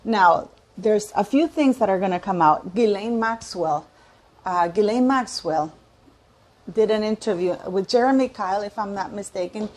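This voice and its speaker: A woman's voice: medium pitch, normal speed. A woman in her fifties hosting her own channel, talking casually and giving strong opinions, often restarting sentences and searching aloud for words. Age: 50s. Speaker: channel host. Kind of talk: opinionated commentary vlog.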